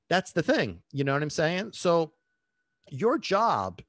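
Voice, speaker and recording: A male dog trainer hosts a podcast monologue. His pitch rises and falls a lot as he acts out voices and checks in with listeners. The sound is close and dry. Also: a little slow, dry recording. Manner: animated, acts out voices, asks listeners questions.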